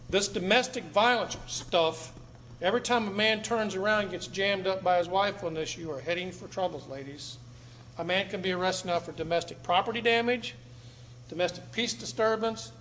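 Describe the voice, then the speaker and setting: An American man lecturing a live audience in a blunt, dramatic way, with sudden loud bursts. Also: high-pitched. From United States. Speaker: public speaker. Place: meeting room with an audience. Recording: echoey room, faint background noise.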